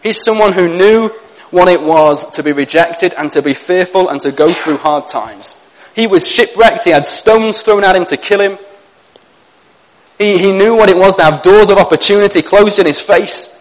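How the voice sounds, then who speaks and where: A male pastor preaching a sermon in an earnest, gentle way, slowing down to read scripture reflectively. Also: high voice, rough recording.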